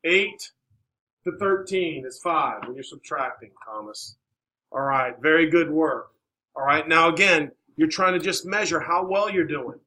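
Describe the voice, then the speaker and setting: Male teacher, classroom, bright tone, encouraging and coaxing. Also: a little high, measured pace, poor audio. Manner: encouraging, coaxing questions, many "all right"s. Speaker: math teacher.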